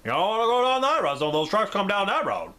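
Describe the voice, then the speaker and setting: A man's voice: high-pitched, huge pitch swings, fast, sharp tone, voice pushed up, full character voice. A man doing an ominous old man. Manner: ominous, urgent warnings.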